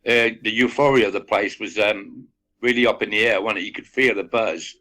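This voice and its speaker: A man chatting as a guest in a measured, reflective way with many fillers. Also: fairly low pitch, bright, forceful tone. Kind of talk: casual chat. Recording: voice distant from the mic.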